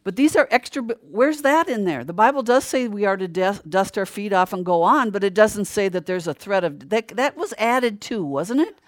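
An older preacher giving a sermon, asking rhetorical questions, answering them, and growing louder and higher when stirred. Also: expressive, moderate pace, hardly any pauses, no echo, clean studio sound.

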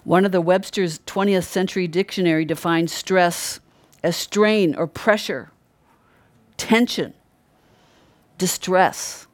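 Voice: mid-range voice, slow pace, no room sound. Earnest conversational preacher, dry close sound. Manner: earnest, emphatic repetition of key words. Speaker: Christian preacher. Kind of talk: conversational sermon.

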